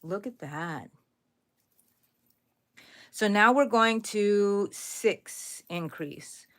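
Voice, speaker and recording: A middle-aged woman hosting a live crochet stream, chatting with viewers and counting her stitches aloud softly. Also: medium pitch, drawn-out words, pauses often. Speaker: crochet channel host.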